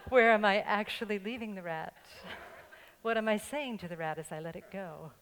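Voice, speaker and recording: A woman's voice: mid-range voice, moderate pace, a bit bright, a little hiss or hum. Playful older woman preaching in a reverberant hall. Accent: slight New York. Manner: playful, joking, laughing with the congregation. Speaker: pastor. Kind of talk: sermon. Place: church sanctuary with congregation. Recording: long church-hall reverb.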